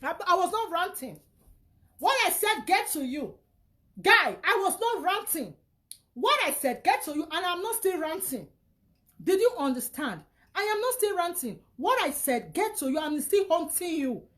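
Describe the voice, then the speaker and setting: A woman's voice: very high-pitched, big pitch swings, moderate pace, fairly bright tone. A woman with a Nigerian accent, ranting angrily on social media and hurling insults. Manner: scolding, insulting, repeats herself. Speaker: vlogger. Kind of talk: angry social media rant.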